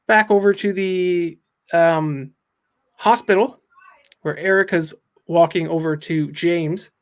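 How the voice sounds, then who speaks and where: A man's voice: a little high, steady tone, takes it slowly, pauses often. A man casually reading through a comic book on a podcast, with amused asides. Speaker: podcast host.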